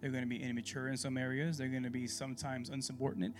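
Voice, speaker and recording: A man leading a church Bible class in a casual, sermon-style way, animated and conversational, full of rhetorical questions. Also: medium pitch, fast talker.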